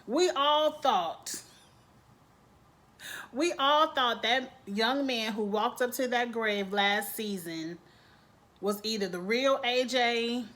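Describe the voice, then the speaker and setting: A woman giving a casual, opinionated vlog review of a TV episode, with animated asides. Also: on the high side, slow. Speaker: TV show reviewer. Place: home, grass being mowed outside.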